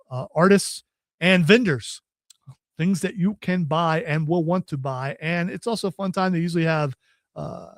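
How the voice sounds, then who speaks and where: A man's voice: sits high, dry recording. A man hosting a casual podcast, folksy and joking as he runs through event news. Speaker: podcast host. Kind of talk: casual chat.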